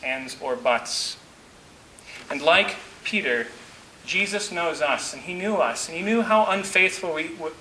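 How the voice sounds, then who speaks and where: A pastor preaching a sermon in an earnest, measured way, slowing down for emphasis. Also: male voice, fairly high pitch, pushed and bright. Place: church. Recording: echoey church with faint hiss.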